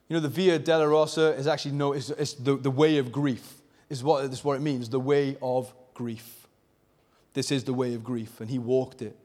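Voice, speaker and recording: A man preaching a passionate sermon, swinging between fervent, near-shouted emphasis and hushed intensity. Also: mid-range voice, fairly even intonation, fairly quick. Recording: long reverb of a large hall.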